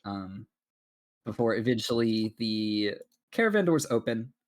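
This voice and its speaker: A man narrating as game master in a halting, laid-back way with many pauses. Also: lowish voice, lively intonation.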